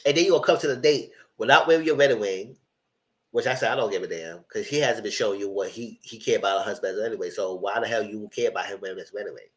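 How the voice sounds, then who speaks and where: A man's voice: lowish voice, fast talker. Man ranting through a TV recap. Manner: exasperated, ranting, blunt with swearing. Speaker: TV reality show reviewer. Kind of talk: casual live recap commentary.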